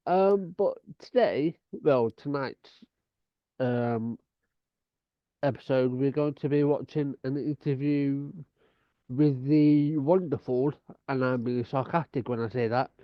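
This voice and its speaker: A man co-hosting a casual podcast, talking haltingly with many ums and restarts. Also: mid-range voice, no room sound, dull audio. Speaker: podcast co-host.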